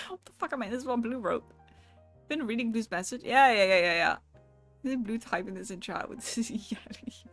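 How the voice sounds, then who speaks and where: A woman's voice: a little high, lively intonation, moderate pace, soft background music. A young woman with a Southern US accent streaming live, reading viewer messages aloud in a clumsy put-on British accent and breaking into laughter.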